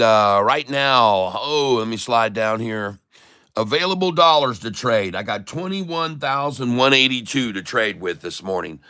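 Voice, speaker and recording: A man hosts a live trading stream, talking to his viewers in a chatty, folksy way. He rattles off strings of price numbers, and his voice has a bright, forward edge at an ordinary middle pitch. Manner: reads out price numbers in runs.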